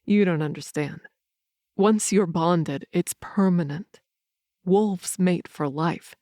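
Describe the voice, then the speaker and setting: A woman's voice: fairly low pitch, slow, mellow, dry recording, studio quality. A woman voicing a protective young werewolf man. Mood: earnest. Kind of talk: audiobook character reading.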